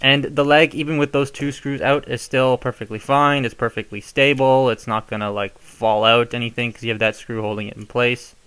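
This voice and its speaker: A man's voice: mid-range voice, fairly even intonation, normal speed, few pauses, fairly bright tone, clean tone. A young man casually showing how to modify a toy, chatty and given to rambling asides. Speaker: toy reviewer. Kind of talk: casual hands-on tutorial.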